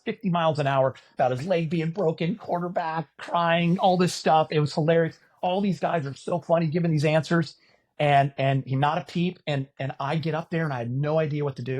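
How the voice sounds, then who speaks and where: A man in his fifties from California, an animated podcast guest telling stories, acting out quotes and swearing casually. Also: on the high side. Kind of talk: casual storytelling chat.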